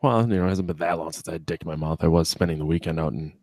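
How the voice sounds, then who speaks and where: A man's voice: low-pitched, little pitch movement, very fast, darkish tone, no room sound. A man co-hosting a podcast, teasing his friend with dry, crude jokes in casual banter. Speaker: podcast co-host.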